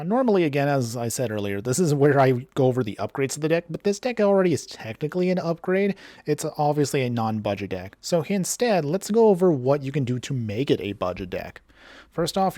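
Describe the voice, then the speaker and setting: A man giving excited card game commentary and a deck guide, laughing often and talking straight to his viewers. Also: medium pitch, no room sound, clean studio sound. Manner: chatty, addresses viewers directly. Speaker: card game content creator.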